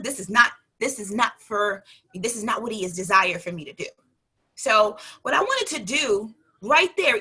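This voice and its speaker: A woman's voice: fairly high pitch, bright, forceful tone, husky. A woman life coach giving an emphatic motivational talk, asking her listeners rhetorical questions and pressing her points like a preacher.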